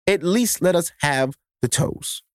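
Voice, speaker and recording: A man's voice: on the high side, lively intonation, measured pace, a crowd in the background, background noise. A man hosting his own podcast, delivering a profane, emphatic solo rant that lectures his listeners. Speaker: podcast host.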